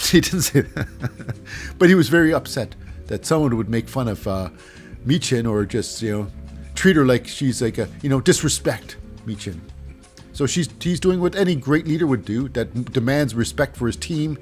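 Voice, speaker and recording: A man's voice: medium pitch, animated, normal speed, faint music behind. A man hosting a casual wrestling recap, rambling with sarcastic asides. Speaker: host.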